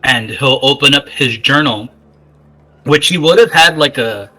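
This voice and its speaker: Guy player, super bright sharp voice, kinda hesitant, says stuff twice. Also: mid-range voice, unhurried, poor audio. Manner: hesitant, repeats words. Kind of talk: describing his character's actions.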